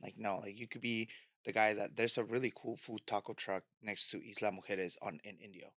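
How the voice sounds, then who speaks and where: Bright-voiced man telling stories. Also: lowish voice, steady tone, brisk, no echo, clean studio sound. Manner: storytelling, acts out quoted dialogue. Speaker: podcast guest and media host. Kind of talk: casual interview conversation.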